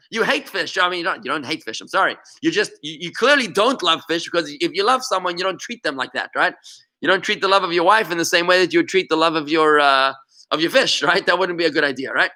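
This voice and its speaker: A man leads a religious class over a video call, his voice bright and edged with sharpness. He is an animated storyteller who restarts phrases and repeats words. His pitch sits a little higher than most men's. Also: fast. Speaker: rabbi teaching a class. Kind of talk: interactive online lesson.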